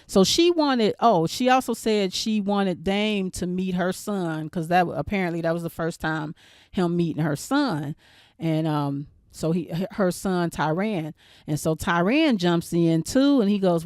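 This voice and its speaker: A woman's voice: on the low side, measured pace, darkish tone, no room sound, clean studio sound. A woman hosting her channel, casually recapping a TV episode in a chatty, rambling way with lots of fillers and restarts. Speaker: show reviewer and channel host.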